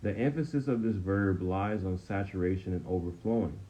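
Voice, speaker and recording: A man's voice: sits low, normal speed, warm tone. A man teaching a casual Bible study lesson, talking conversationally and checking in with "okay?" after nearly every point. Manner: conversational, frequent "okay?" check-ins, repeats himself. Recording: dull, slightly lo-fi sound with faint noise.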